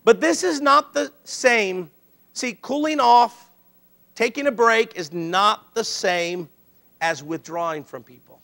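Taking it slowly, a middle-aged pastor delivers his sermon in a high, bright, gravelly-edged voice. He tells animated stories, taking on the voices of the people he quotes.

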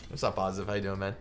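A young man doing casual live gameplay commentary, greeting viewers and cursing freely. His pitch sits in the middle of the range, and faint music plays under his voice. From Georgia, United States. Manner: profane, excitable, chatty with viewers. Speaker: game streamer.

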